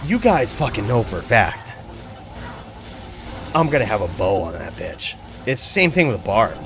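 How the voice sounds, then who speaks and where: Excitable, profane male streamer. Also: lowish voice, moderate pace. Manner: excitable, profane, rambling gamer talk. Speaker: streamer host. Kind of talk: casual live-stream chat.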